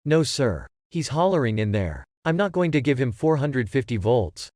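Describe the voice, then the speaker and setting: A man's voice: mid-range voice, big pitch swings, normal speed, darkish tone, no echo, studio quality, natural voice. A man reading the lines of an anxious male test subject who hesitates and pleads in a plain, folksy way. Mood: uneasy, pleading.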